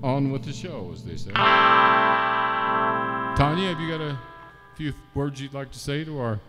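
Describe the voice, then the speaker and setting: A man hosting a live-stream music show from home, chatting casually and joking, with frequent pauses and fillers. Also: mid-range voice, animated, in a large hall. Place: home setup, not a studio.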